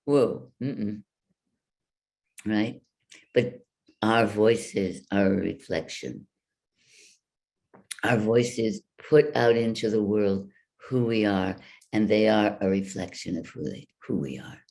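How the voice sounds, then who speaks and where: A woman voice coach giving a workshop talk, speaking deliberately and guiding the listeners through exercises with demonstrations. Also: rumbling low, vocal fry, a little mellow. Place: virtual workshop from home.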